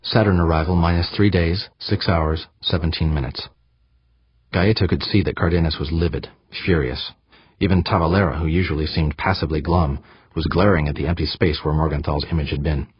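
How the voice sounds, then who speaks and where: A man narrating an audiobook in a measured, scripted way. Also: very deep voice, fairly even intonation, slightly rough, no echo. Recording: dry, slightly dull audiobook recording.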